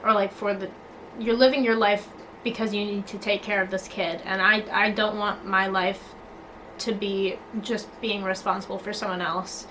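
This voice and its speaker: A woman's voice: medium pitch, level tone, moderate pace, a bit bright, slight background noise, low-quality recording. Blunt young woman ranting to camera. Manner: blunt, swears freely, many filler likes and restarts. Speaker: vlogger. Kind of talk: casual talking-to-camera rant.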